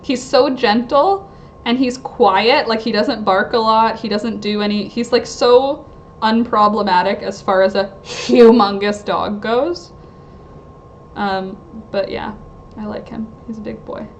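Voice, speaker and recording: A woman's voice: fairly high pitch, fairly even intonation, measured pace, slight background noise. A woman chatting casually on a livestream from home, rambling and interrupting herself with lots of fillers. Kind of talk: casual live-stream chat.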